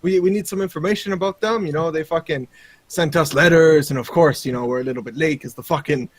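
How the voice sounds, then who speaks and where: Man playing a loud, foul-mouthed Canadian adventurer with an exaggerated Canadian accent and a slightly high, husky voice. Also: quick pace, no room sound, natural voice. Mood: rowdy. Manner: swears constantly, slangy. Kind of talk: tabletop role-play.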